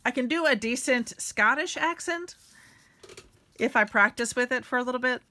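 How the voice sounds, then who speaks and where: A woman's voice: high voice, moderate pace, sharp tone. A middle-aged woman, hosting a casual craft tutorial and chatting while she works. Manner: chatty, self-deprecating, talks while working.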